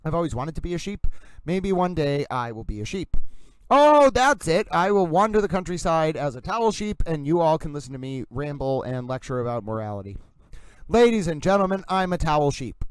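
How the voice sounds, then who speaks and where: A man with a Massachusetts accent hosts a livestream in a playful, rambling, announcer-like way. His voice sits a little high for a man and comes across smooth and clear. The close mic sounds dry, with no room in it. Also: lively intonation, brisk, no room sound. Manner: announcer-like delivery, mock-grand, keeps addressing "ladies and gentlemen". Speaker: livestream host.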